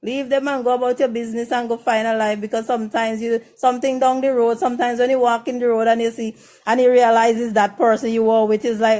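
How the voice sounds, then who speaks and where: A woman with a voice on the high side, a little mellow and with little pitch movement, hosts a relationship advice show. She gives casual, blunt, frank advice, tripping over and repeating words, and greets viewers by name in a slow, sing-song way.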